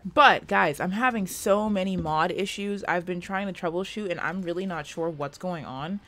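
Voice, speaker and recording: A woman's voice: lowish voice, a bit bright. A woman giving casual, chatty gameplay commentary from her room at home, swearing freely. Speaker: gaming video creator.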